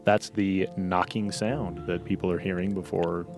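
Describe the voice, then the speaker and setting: A man co-hosting a casual podcast, telling folklore in a relaxed way, full of you-knows and fillers. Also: low-pitched, unhurried, gravelly, music in the background. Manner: easygoing storyteller, many you-knows and fillers. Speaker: podcast co-host. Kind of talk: casual paranormal podcast chat.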